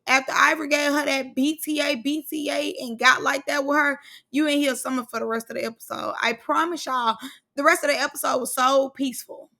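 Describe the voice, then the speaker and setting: A woman's voice: sits high, bright, forceful tone. A woman vlogger recapping a reality show in casual, blunt, slangy commentary.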